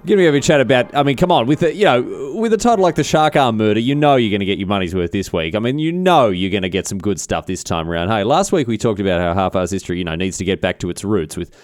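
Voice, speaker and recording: A man's voice: on the low side, lively intonation, fast, few pauses, no room sound. A man with an Australian accent hosting a comedic history podcast, rambling and mock-indignant, swearing casually as he tells the story. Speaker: podcast host.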